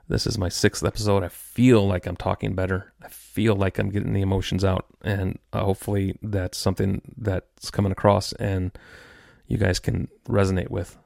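Gravelly frustrated male podcaster. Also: sits low, a little mellow, no echo, clean studio sound. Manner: frustrated, rambling with restarts. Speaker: podcast host. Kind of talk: solo podcast rant.

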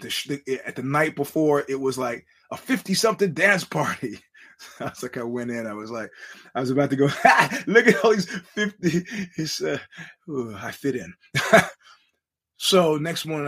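A man's voice: medium pitch, fairly bright tone. A middle-aged man hosting a podcast, telling digressive, blunt stories with frequent restarts. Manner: blunt and profane. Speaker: podcast host. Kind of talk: casual rambling monologue.

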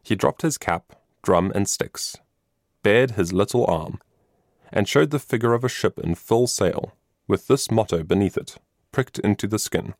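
Low gravelly male storybook narrator. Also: animated, a little slow, no echo, clean studio sound. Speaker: audiobook narrator.

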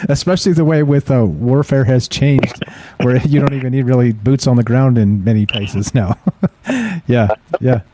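A man's voice: medium pitch, fairly even intonation, normal speed, warm tone, slight background noise. A man hosting a casual podcast, asking hesitant questions with restarts and laughing often. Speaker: podcast host.

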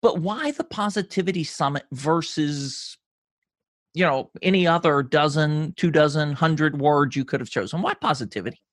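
A man hosts a podcast interview with a slightly higher voice, asking curious questions. He is deliberate and reflective in his phrasing. The sound is dry and close, with no room echo. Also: a bit bright. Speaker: podcast host. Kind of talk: conversational interview.

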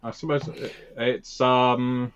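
A man's voice: medium pitch, flat delivery, slow pace. A man co-hosting a tabletop game podcast, chatting casually with a rambling, wry manner. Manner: rambling, wry, laughs at his own jokes. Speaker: podcast co-host, game master. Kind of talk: casual chat. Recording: dull lo-fi audio.

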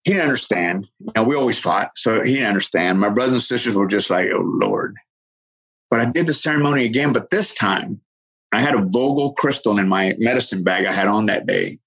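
A middle-aged man earnestly telling a personal story, halting and restarting, quoting others in lively voices. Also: lowish voice, poor audio.

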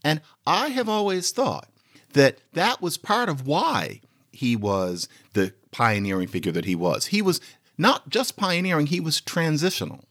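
A podcast host in lively, chatty commentary, explaining a point to listeners. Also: male voice, on the high side, unhurried. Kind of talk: lecture-style commentary.

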